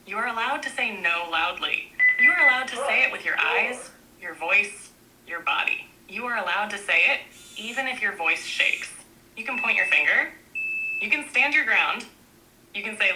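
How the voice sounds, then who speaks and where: A woman narrating a book aloud in a gentle, reassuring way, speaking in short, repeated affirmations. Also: mid-range voice, animated, normal speed, poor audio.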